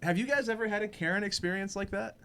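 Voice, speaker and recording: A young man on a podcast telling a funny story in casual chat, animated and laughing, acting out the people he quotes. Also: high voice, fast talker, clear, resonant tone. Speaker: podcast host.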